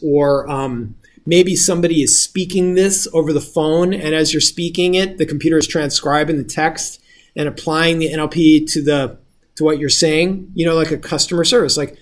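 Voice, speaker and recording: A male instructor giving a casual lecture, explaining step by step and often checking if the class follows. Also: fairly high pitch.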